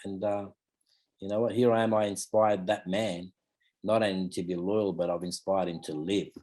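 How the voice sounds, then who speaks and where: A man's voice: sits low, fairly even intonation, moderate pace, darkish tone. An Australian man in his fifties, a martial arts teacher talking casually in an interview, rambling and leaning on fillers like "you know" and "mate". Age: 50s.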